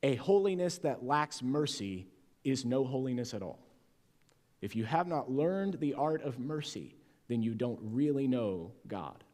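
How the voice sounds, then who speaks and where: A man's voice: mid-range voice, expressive, unhurried, warm tone. Man, pastor, sermon, emphatic delivery, stretched key words, long church reverb. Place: church sanctuary.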